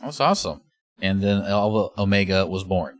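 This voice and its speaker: A man hosting a podcast in a casual interview, asking long, rambling questions in a relaxed way. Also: low voice, moderate pace. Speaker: podcast host.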